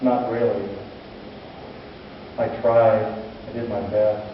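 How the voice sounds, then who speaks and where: A pastor and hospital chaplain preaching a sermon, telling stories slowly and earnestly with dramatic pauses. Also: male voice, fairly low pitch, level tone, a little hiss or hum. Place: church sanctuary. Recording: distant, echoey church hall, muffled.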